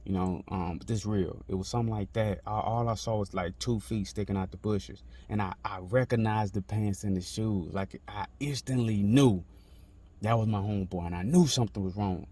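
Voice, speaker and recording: A man's voice: on the low side, moderate pace, dark tone. A man, telling a personal story in casual street talk, repeating himself with many fillers and restarts. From Texas. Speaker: author telling his life story.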